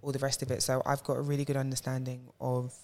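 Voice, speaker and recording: A woman's voice: rumbling low, completely flat delivery, fast talker, a little mellow. A woman co-hosting a casual podcast chat, groping for words and saying "like" a lot. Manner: searching for words, many "like" fillers. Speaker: podcast co-host.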